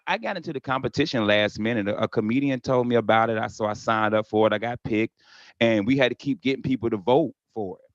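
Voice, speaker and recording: A middle-aged guest comedian swaps stories in a relaxed podcast conversation, briefly imitating the people he quotes and swearing freely. His voice is mid-range with no room sound, and the lo-fi recording comes across slightly dull.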